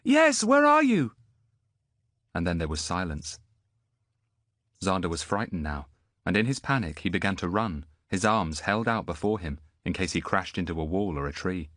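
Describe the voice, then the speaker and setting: Male audiobook narrator, very low voice, lively expressive storytelling, dry close recording. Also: moderate pace, no echo. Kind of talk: scripted narration.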